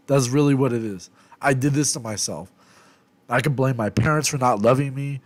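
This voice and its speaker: Rambling, subdued young man venting. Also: moderate pace. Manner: rambling, swears a lot, heavy fillers; low, subdued and reflective, trailing off quietly. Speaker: vlogger. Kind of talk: candid confessional vlog.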